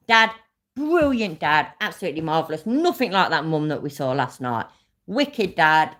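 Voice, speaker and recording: A woman's voice: sits low, sing-song, normal speed, a bit bright. A woman from Leicester with an East Midlands accent, hosting a casual live stream and ranting in rambling, sweary bursts that speed up. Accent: East Midlands English. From Leicester, England.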